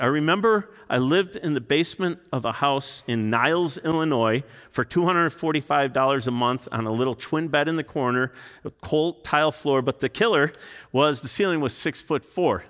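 A man's voice: a little high, expressive, moderate pace, a bit bright. A man in his fifties preaching a sermon in a church, telling personal stories in an earnest, emotional way. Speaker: pastor. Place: church sanctuary. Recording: long reverb in a large hall.

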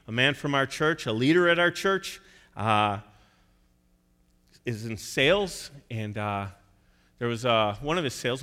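A male pastor delivers a sermon in a church sanctuary. His voice is bright and forceful, and it rings with long reverb. He tells stories and acts out the voices of the people in them. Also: mid-range voice. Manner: storytelling preacher acting out quoted voices.

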